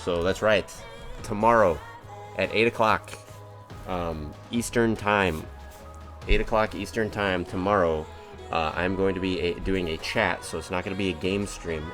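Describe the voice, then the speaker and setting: A man streaming a racing game live, chatting casually to viewers in a rambling, upbeat, self-mocking way. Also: sits low. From United States.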